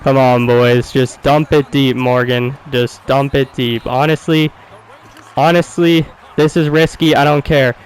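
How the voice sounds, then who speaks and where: Excitable man calling his own hockey game. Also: mid-range voice, unhurried, a little hiss or hum, poor audio. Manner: excitable, cursing, bursts into loud cheering. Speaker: gaming YouTuber. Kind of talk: excited play-by-play of a video game.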